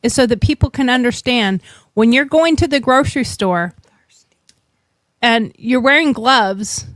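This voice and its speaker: Casting: American woman, slightly high voice, blunt, swears a lot, dry close sound, casual storytelling. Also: a little slow, no echo. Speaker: podcast host. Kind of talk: casual chat.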